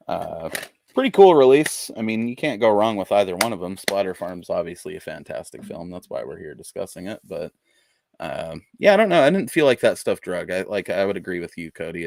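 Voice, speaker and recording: A man's voice: low-pitched, vocal fry, darkish tone, no echo. A man co-hosting a podcast in casual chat, laid-back and rambling, swearing freely. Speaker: podcast co-host.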